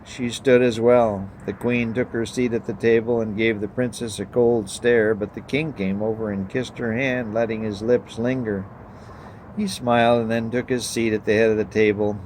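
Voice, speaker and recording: Male preacher, low voice, measured reading, faint room hum behind. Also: a little mellow, poor audio. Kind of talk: read story and sermon.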